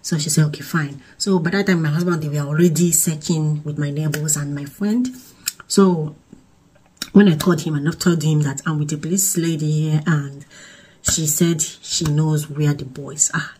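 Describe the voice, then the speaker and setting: A Nigerian woman vlogger retelling a story in an emotional, animated way, with restarts and pidgin phrases. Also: low-pitched, normal speed, husky, rough recording. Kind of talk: storytime vlog.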